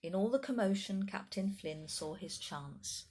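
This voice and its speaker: A woman reading a children's picture book aloud in animated storytime narration, with chatty asides to the children listening. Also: medium pitch, a little slow.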